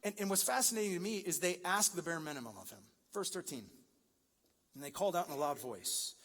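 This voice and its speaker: A fast-talking pastor with a somewhat bright voice on the high side and lively intonation preaches in a large church hall. His sermon mixes casual talk and jokes, swelling to emphatic peaks amid the long reverb.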